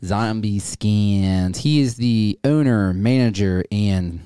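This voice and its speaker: A man's voice: lowish voice, takes it slowly, warm tone, smooth, no echo, clean studio sound. A man from co-hosting a casual podcast, rambling, swearing and stumbling over his words. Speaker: podcast co-host.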